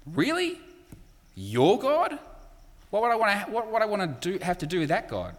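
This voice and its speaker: Preacher doing a scornful, incredulous rival-nation man: high, sneering, echoing in a hall. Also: huge pitch swings, normal speed. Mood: mocking.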